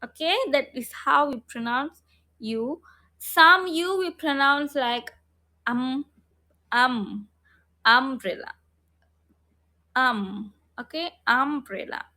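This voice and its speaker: A woman's voice: sits high, slow, long pauses, bright, forceful tone. A woman teaching an online phonics lesson, repeating letter sounds and prompting her students. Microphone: online class, video call.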